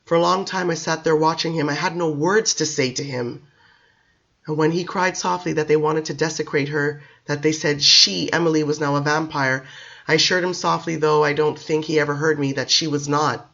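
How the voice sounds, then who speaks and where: A man reading a novel aloud in a measured, dramatic storytelling manner. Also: fairly high pitch, steady tone, creaky, sharp tone, dull audio. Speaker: reader.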